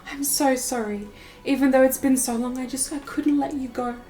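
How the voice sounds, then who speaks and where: A woman voicing a grieving mother who pleads through tears, her voice raised high above her usual tone. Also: fairly even intonation, normal speed, mellow, close to an everyday voice. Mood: tearful. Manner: tearful, pleading.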